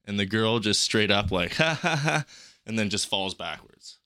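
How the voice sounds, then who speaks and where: A young man chatting casually as a podcast guest, telling travel stories in an animated, profane way. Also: on the low side, moderate pace, clear, resonant tone, no room sound, clean studio sound. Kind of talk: casual chat.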